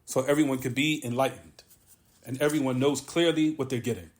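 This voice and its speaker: A man of middle pitch gives a religious lesson in a mosque. He talks with emphasis, circles back to repeat his key lines, and pauses between phrases. Arabic terms run all through his teaching. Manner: repetitive, emphatic, drawn-out pauses. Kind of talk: religious lesson on a classical text.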